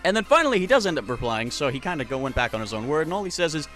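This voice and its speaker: A man's voice: on the high side, sing-song, racing, hardly any pauses, faint music behind. A man in a casual commentary video, reading online comments aloud and mocking them in a sarcastic, exasperated, profane way, with stammered restarts and chuckles. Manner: stammering restarts and swings from loud to muttered. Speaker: YouTuber reacting to comments.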